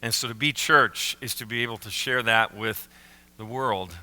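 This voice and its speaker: A man preaching a sermon as pastor, slowing down and leaning on key words. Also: medium pitch, bright, forceful tone. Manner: slow emphatic phrasing with pauses on key words. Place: church sanctuary. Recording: reverberant church sanctuary.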